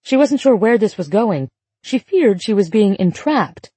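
A woman narrating a story in a calm, measured way. Her voice is warm and mellow with a slight husk. The sound is dry and close to the mic. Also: mid-range voice, breathy edge, no room sound. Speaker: audiobook narrator. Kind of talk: scripted narration.

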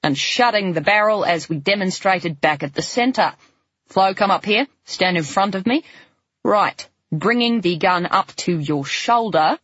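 A brisk shooting instructor gives orders in a measured, deadpan way, as a male narrator voices him. The voice is a little husky, and the recording is dull and dry. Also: high-pitched, no echo. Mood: instructing.

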